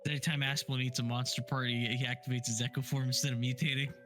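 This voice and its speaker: Man, tabletop player, bright voice, casual banter, faint music behind. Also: medium pitch, little pitch movement, fast. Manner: laughing, swearing, thinking aloud. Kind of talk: casual tabletop game chat.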